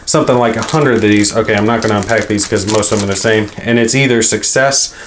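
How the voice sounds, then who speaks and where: A man's voice: lowish voice, quick pace, a bit bright, a little hiss or hum. A man hosting a board game channel, talking casually and thinking aloud as he unboxes a game. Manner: rambling, thinking aloud as he handles items.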